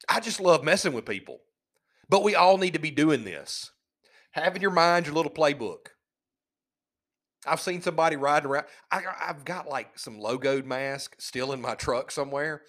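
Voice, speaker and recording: A man's voice: fairly high pitch, lively intonation, brisk, fairly bright tone. A man hosting a solo podcast, talking in a sarcastic, mocking, rambling way. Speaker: podcast host. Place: living in a van.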